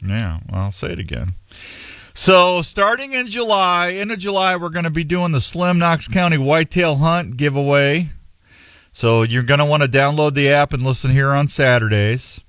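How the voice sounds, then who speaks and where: A man's voice: fairly high pitch, lively intonation, normal speed, a bit bright, no room sound, clean studio sound. A man hosting a radio show in casual chat, joking and opinionated.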